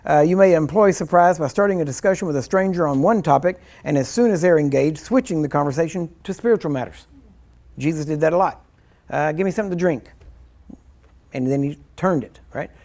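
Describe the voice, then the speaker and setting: A man's voice: on the high side, a little mellow. Rambling, chuckling male minister teaching. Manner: rambling and conversational, acts out little scenes with chuckles. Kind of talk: informal teaching sermon.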